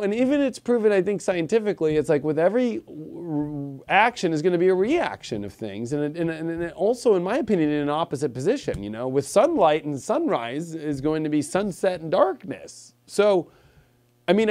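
Animated rambling man astrologer. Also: high voice. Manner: animated, rambling, full of fillers like "you know" and "okay". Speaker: astrologer host. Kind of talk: livestream talk.

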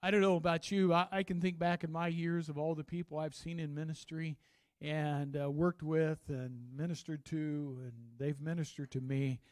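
A male pastor preaching a sermon in a church, telling stories in a folksy, animated way with asides to the congregation. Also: on the high side, normal speed, dry recording, studio quality.

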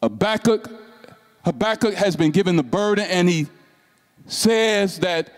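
A man preaching a sermon as pastor, slow and emphatic, with repeated rhetorical questions and passages that drop to soft, hushed tones. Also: high-pitched, animated, big-room sound.

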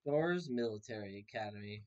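A man's voice: lowish voice, animated, a little fast, a little mellow, dull audio. A young man casually commenting while he plays a video game, joking and reacting aloud to what happens on screen. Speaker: gaming video host. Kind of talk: casual let's-play commentary.

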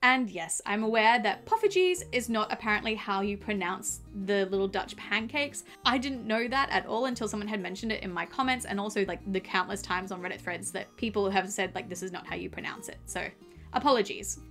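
A woman's voice: mid-range voice, a little fast, fairly bright tone, faint music behind. An Australian woman hosting a casual episode breakdown, chatty and upbeat with lots of fillers. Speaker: host.

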